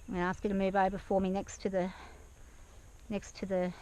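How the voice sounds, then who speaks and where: An anxious woman talking to camera while on horseback outdoors, hesitant and soft-spoken, speaking gently to her horse, recorded on a worn action camera. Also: medium pitch, completely flat delivery, a little fast, slight background noise. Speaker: nervous horse rider. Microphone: action camera worn by the rider.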